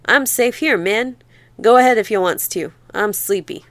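A woman voicing an easygoing, sleepy man who will not leave the house, speaking in a slow rural Southern accent. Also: mid-range voice, close to an everyday voice. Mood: unbothered. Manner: slow, drowsy and dismissive. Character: lazy easygoing man who refuses to move.

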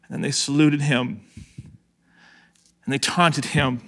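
A male pastor preaching an energetic, conversational sermon to a live and online congregation. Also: mid-range voice, slow. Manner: energetic, conversational, acts out scenes.

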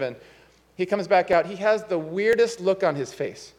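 A high-pitched male pastor preaching in a church, his voice trailing off into a long reverb. He talks in a loose, chatty way and laughs at his own faults as he tells a story. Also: expressive, moderate pace, darkish tone. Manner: conversational, self-deprecating storytelling. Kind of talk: sermon with a personal story. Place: church sanctuary.

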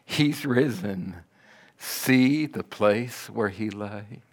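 A man preaching who acts out the risen Jesus speaking softly, slowly and tenderly to his followers. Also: on the low side, animated, full character voice. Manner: soft, slow and tender. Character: gentle risen Jesus, a calm grown man.

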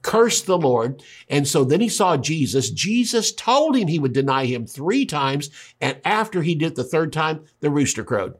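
Male Bible teacher with a husky voice, chatty and emphatic. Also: a little high, very animated, normal speed. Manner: retells scripture conversationally with emphatic asides. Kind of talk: sermon.

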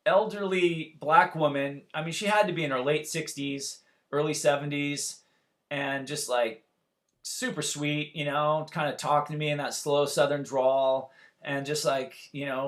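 A man in his forties telling a story in casual chat, animated and profane, acting out the quotes. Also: a little high, measured pace. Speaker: musician guest telling a story.

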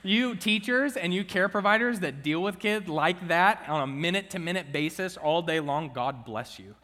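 A man's voice: sits high, expressive, moderate pace, pushed and bright, big-room sound. A young man and student minister giving a chatty, joking sermon to his church. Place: church sanctuary.

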